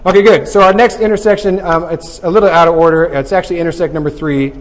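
A man leads a Bible study with a lively, joking manner. His voice sits a little high, and he keeps checking in with the group as he teaches. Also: fast, long reverb tail. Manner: energetic, joking, asks "right?" often.

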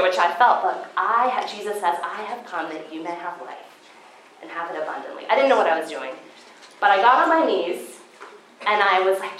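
A woman giving a personal testimony talk to an audience, heartfelt and sometimes tearful, pausing to greet people as they come in. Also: mid-range voice, slight background noise. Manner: warm, tearful, greets latecomers. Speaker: speaker at a Christian gathering. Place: room with an audience. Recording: echoey room, faint ambience.

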